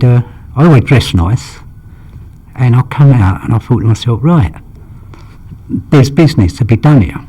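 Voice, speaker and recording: A man's voice: medium pitch, mellow, breathy edge. An older man, telling long stories about his past in a rambling way and acting out the dialogue. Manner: rambling, acts out quoted dialogue, frequent "you know". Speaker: interviewee. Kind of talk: anecdotal storytelling.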